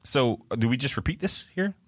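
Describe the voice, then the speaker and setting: A man hosting a podcast in easy, casual chat, animated and quick to laugh. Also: mid-range voice. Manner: animated, laughs often, bright energetic delivery. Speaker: podcast host. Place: podcast studio.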